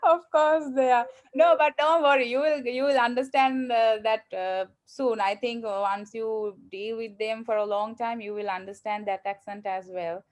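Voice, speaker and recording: A woman's voice: a little high, steady tone, moderate pace, few pauses. A woman English teacher, answering students' questions in an online class, encouraging and hesitant. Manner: encouraging, hesitant with many fillers. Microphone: video call.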